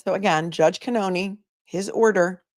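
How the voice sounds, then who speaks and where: A woman attorney hosting a casual livestream, telling stories in a chatty, animated way and talking to her chat. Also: medium pitch, measured pace, no echo, clean studio sound. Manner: chatty, animated storytelling, reads chat aloud.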